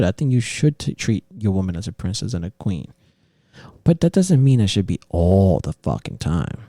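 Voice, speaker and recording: A man hosting a casual podcast, ranting in an animated way and swearing constantly. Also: mid-range voice, no echo, studio quality. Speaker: podcast host. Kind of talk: casual opinion talk.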